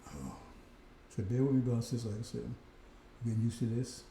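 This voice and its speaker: A man's voice: medium pitch, expressive, fast, creaky, warm tone, reverberant, a little hiss or hum. A man preaching a casual, conversational sermon, often breaking in with "see?" and "right?".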